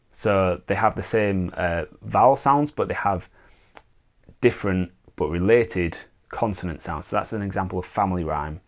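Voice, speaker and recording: Low-voiced man explaining rhyme types. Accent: non-American English. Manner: relaxed, explains step by step with many "uh" and "um" fillers. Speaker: songwriting teacher. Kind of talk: casual explanatory lesson.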